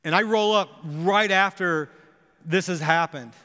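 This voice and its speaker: Man, pastor, sermon, earnest storytelling, impassioned pleas, high-pitched, reverberant church hall. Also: a little slow, sharp tone. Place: church sanctuary.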